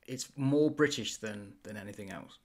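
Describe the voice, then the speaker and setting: An older man from the UK, co-hosting a casual chat in a reflective way, often trailing off quietly at the end of a phrase. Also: lowish voice, normal speed. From United Kingdom. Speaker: podcast co-host. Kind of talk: casual conversation.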